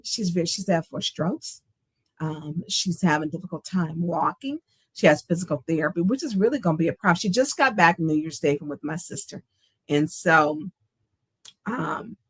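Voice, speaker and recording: A middle-aged woman hosts a livestream talk show, speaking earnestly and with emphasis about her own life and reading out viewer comments. Her voice is mid-range with a breathy edge, and there's no echo.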